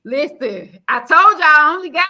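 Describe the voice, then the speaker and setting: Bright high-voiced sassy woman host. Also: normal speed. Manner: animated, sassy, preachy asides. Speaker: podcast host. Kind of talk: casual panel chat.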